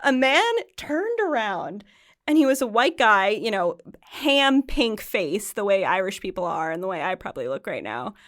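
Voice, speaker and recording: A woman's voice: medium pitch, very animated, moderate pace, a bit bright, no room sound, clean studio sound. A young woman, a podcast guest from New Jersey, telling a story in a self-mocking way with frequent laughs and fillers. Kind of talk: casual storytelling.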